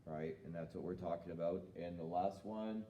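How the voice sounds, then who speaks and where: A man teaching a children's jiu-jitsu lesson in a calm, patient way, asking the student questions. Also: low-pitched, moderate pace, reverberant. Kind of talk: live-streamed kids' lesson. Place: martial arts school.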